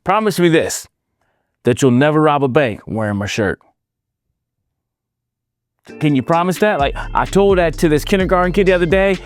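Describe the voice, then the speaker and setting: Playful, animated man with a raised voice. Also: a little high, moderate pace, long pauses. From California. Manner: animated, playful, sing-song at times. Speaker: motivational speaker. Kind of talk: casual storytelling to students.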